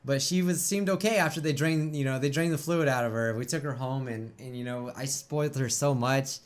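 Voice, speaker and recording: A man hosting his own reaction channel talks casually about losing a pet. His voice is choked and tearful, and he rambles with halting restarts. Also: medium pitch. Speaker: YouTube reaction host. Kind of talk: emotional casual reaction talk.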